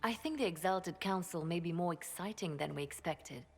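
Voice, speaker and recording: A calm, measured female spymaster. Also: on the low side, husky, soft background music. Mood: assured. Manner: measured, grave delivery. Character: composed female spymaster advisor, calm and resolute. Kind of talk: video game dialogue.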